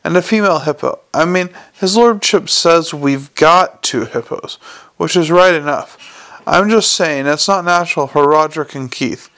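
A man puts on a cackling rustic old keeper, grumbling in folksy, old-fashioned speech. The pitch sits a little high for a man. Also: moderate pace, fairly bright tone.

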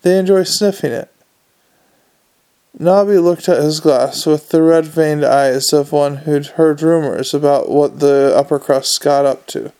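A man narrating an audiobook in a dry, measured storytelling manner. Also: fairly high pitch, fairly even intonation, mellow, clean tone. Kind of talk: scripted narration.

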